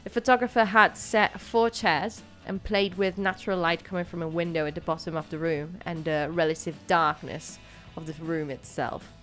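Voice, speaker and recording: A woman's voice: lowish voice, fairly even intonation, normal speed, few pauses, fairly bright tone, faint music behind. A woman hosting a podcast, mixing read-out notes with casual, hesitant chat that is full of fillers. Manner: chatty, hesitant, many fillers. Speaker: podcast host.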